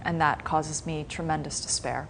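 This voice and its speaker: A woman's voice: deep voice, fairly even intonation, moderate pace, vocal fry, fairly bright tone, a little hiss or hum, pitched below the performer's own voice. A woman voicing a blunt, strange old woman in a spoken story told in class. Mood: earnest.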